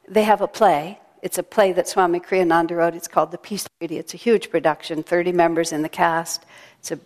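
Woman minister, relaxed storyteller, mid pitch, long hall reverb. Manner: chatty, storytelling, unhurried. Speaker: minister giving a sermon. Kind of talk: sermon with a told joke. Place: temple.

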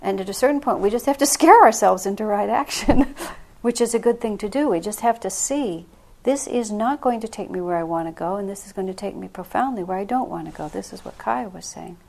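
A woman's voice: medium pitch, fairly quick, creaky, a little mellow. A woman spiritual teacher speaking to a group, earnest and frank, breaking into laughs now and then. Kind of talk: spiritual talk with questions.

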